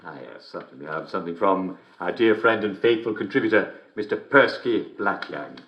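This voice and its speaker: An actor playing a gleeful, smugly cruel middle-aged English television host in a video game, who giggles constantly between lines. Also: male voice, sits low, animated, a little fast, dull audio. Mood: jovial, mocking. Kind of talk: video game character performance. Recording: roomy echo.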